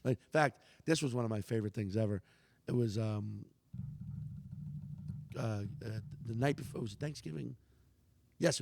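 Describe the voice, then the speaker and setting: Male comedian, gravelly, animated storyteller who swears freely, long reverb. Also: mid-range voice. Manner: animated, swearing, acts out quoted lines. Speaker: comedian guest. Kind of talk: casual storytelling in conversation.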